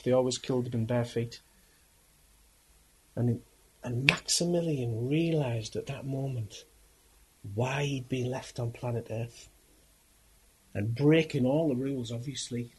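A man preaches through a dramatic story, speaking earnestly and emphatically, pausing and restarting along the way. His husky voice is mid-range with a darkish tone, captured on a rough recording.

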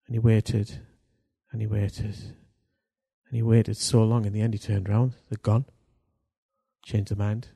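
A man preaching a sermon, swinging between hushed lines and loud, drawn-out bursts for emphasis. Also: on the low side, level tone, creaky, breathy edge.

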